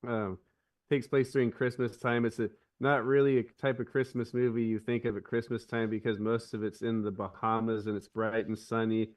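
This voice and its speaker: A man's voice: on the low side, flat delivery, normal speed, far from the mic. A man on a podcast, chatting casually and retelling a film scene with many restarts. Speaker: podcast co-host. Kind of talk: casual chat.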